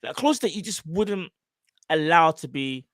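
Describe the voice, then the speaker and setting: Brief: man in his thirties, fairly high voice with a lively swing in pitch, slangy storyteller on a dry close mic. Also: unhurried, dry recording. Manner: animated, slangy, jokey storytelling. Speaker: show host. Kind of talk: casual live football chat.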